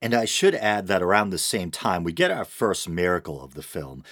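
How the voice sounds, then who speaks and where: A man's voice: sits low, sing-song, normal speed, a bit bright, dry recording. A man giving a casual film review, with wry, dry asides between plot summary.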